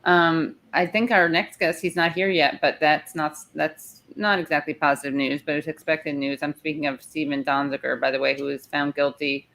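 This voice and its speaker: A woman's voice: deep voice, fairly even intonation, moderate pace, gravelly, few pauses, a bit bright. A woman hosting a live chat show, talking casually, rambling and interrupting herself, and saying she is tired. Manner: chatty, rambling, self-interrupting. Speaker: show host. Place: in the city, not her usual spot.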